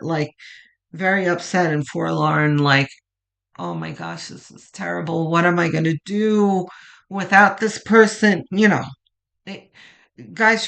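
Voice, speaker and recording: A tarot reader doing a pick-a-card reading, talking in a gentle, reassuring way with frequent restarts and lines that trail off softly. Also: medium pitch.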